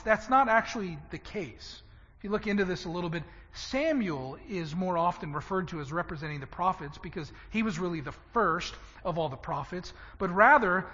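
A man preaching a sermon, swinging from loud emphatic lines to hushed ones. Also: high voice, long reverb tail, highs cut off. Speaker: pastor.

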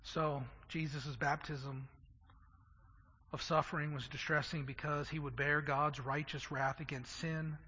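A man with a high, bright, husky voice preaches a passionate sermon, doubling words as he presses his points. The sound is dull and lo-fi, carried by a long echo from a large hall. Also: little pitch movement, a little slow. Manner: impassioned, stammering repeats for emphasis.

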